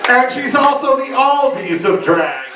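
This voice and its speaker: A man performing as a drag queen in a live roast, delivering bawdy insults with shouted punchlines. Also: very high voice, big pitch swings, a little slow, heavy background noise. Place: bar function room with live audience. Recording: echoey room, mic from a distance, loud crowd.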